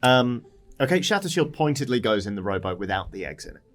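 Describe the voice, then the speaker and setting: A man's voice: medium pitch, sing-song, fast, music in the background. A man running a tabletop game as dungeon master, narrating in a loose, descriptive way with fillers and sound effects.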